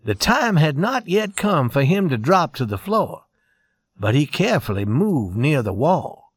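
A man reading a western story aloud in a measured, expressive narration. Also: fairly high pitch, breathy edge, no echo, studio quality.

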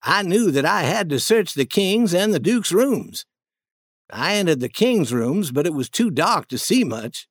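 Lively-voiced male storybook narrator. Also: sits high, a little slow, no room sound.

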